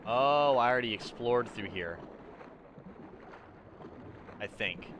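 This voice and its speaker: Over game music and slight background noise, a man livestreams a video game, ranting excitably in casual commentary. His mid-range voice is slow, and he swears freely at the game while chatting with his viewers.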